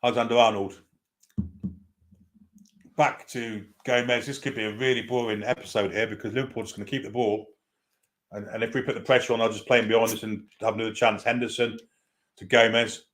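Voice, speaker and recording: A man's voice: fairly low pitch, level tone, a little fast, pauses often, fairly bright tone. A man giving partisan live play-by-play commentary on a football match as a fan, with running asides.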